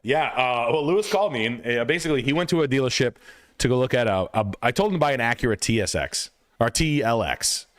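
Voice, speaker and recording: A man's voice: medium pitch, lively intonation, brisk, fairly bright tone, no room sound. A man hosting a live stream, telling a story casually with lots of swearing and acting out both sides of an argument. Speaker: realtor and stream host.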